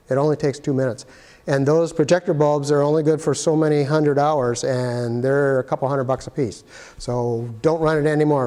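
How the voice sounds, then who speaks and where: A man's voice: on the high side, a little mellow. A man giving a casual, practical walkthrough of presentation equipment in a room, with chatty asides to the viewer. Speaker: arts facility equipment guide. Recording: long hall reverb.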